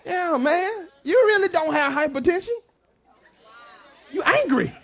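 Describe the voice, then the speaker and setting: A male pastor, preaching a lively, joking sermon to his congregation with shouted bursts. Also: very high-pitched, a little slow, some chatter behind. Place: church sanctuary.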